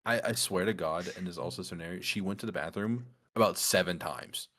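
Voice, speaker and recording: Man with a lower voice telling a story among friends, animated and laughing often. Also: brisk. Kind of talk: casual chat.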